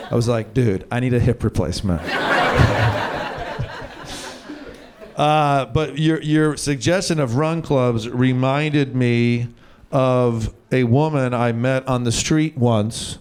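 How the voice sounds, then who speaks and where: A man in his forties doing improvised stand-up on a club stage, animated and self-mocking, jumping into high mock shouts. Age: 40s. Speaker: stand-up comedian. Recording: crowd noise from live audience. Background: audience laughing.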